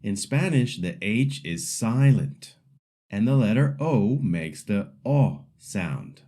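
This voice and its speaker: A man leads a scripted pronunciation lesson at an unhurried pace, with a mellow voice. His pitch moves freely up and down as he models each word clearly for students to repeat. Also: expressive. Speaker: Spanish pronunciation teacher.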